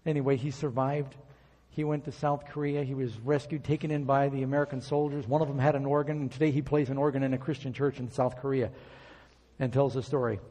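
A man's voice: mid-range voice, flat delivery, brisk, dark tone, in a large hall. A man preaching a sermon, reading scripture aloud and acting out quoted prayers as he tells stories.

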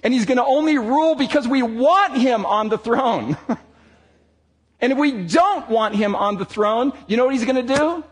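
A man preaching a sermon to a gathered audience, emphatic and slowing down on his key words. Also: very high voice, expressive, breathy edge.

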